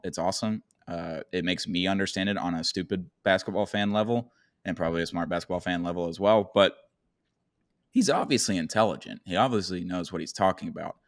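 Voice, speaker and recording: Low-voiced man rambling about basketball. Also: steady tone, fairly quick, no room sound, clean studio sound. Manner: rambling, thinks aloud with restarts and swearing. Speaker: podcast co-host. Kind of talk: casual sports podcast chat.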